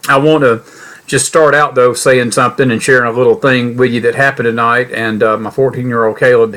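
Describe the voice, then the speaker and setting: A man's voice: mid-range voice, a bit bright. A middle-aged man hosting a political commentary podcast. He talks in a folksy, earnest way that turns indignant, and he speaks to his listeners as folks. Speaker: podcast host.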